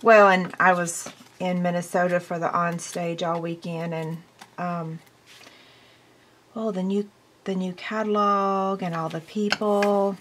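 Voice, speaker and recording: An American woman giving a hands-on crafting tutorial, chatty and excitable, talking to viewers while she works. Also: on the low side, measured pace, slight background noise. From United States. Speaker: craft demonstrator.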